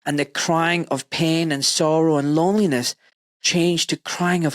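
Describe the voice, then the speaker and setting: A man's voice: a little high, steady tone, measured pace, no room sound. Forties male host, heartfelt storyteller who voices his own lines, dry booth sound. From United Kingdom. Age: 40s. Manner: emotional storytelling, acts out his own quotes. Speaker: podcast host. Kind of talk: casual chat.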